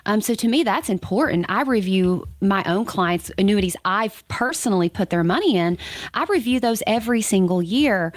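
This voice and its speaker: A woman's voice: mid-range voice, expressive, moderate pace, no echo. Chatty emphatic woman financial advisor. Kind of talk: casual radio show chat.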